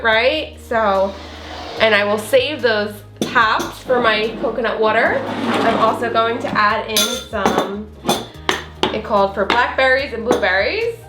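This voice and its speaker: Woman host, slight Southern twang, high voice, chatty recipe vlog in a roomy kitchen. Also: fairly bright tone. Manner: chatty, filler-heavy, giggly. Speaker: recipe vlogger. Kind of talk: casual recipe demo.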